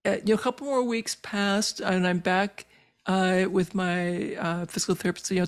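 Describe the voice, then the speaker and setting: An older woman, a physician, telling her personal story as a podcast guest, earnest and halting with many fillers and moved as she relives it. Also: mid-range voice, fairly even intonation, clear, resonant tone. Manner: emotional when reliving moments.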